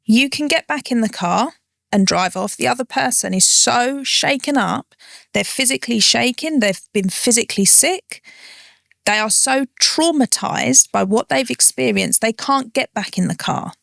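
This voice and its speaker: Gravelly woman explaining as a therapist. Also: a little high, expressive, normal speed, fairly bright tone, no echo, studio quality. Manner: explains with vivid step-by-step examples. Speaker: psychotherapist guest. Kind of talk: explanatory interview answers.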